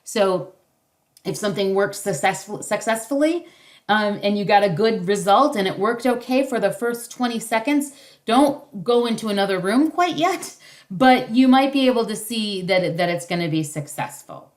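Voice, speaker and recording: A woman's voice: medium pitch, expressive, moderate pace. A middle-aged woman leading a parenting workshop over a video call, teaching casually and acting out short parent and child lines. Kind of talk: casual instructional talk.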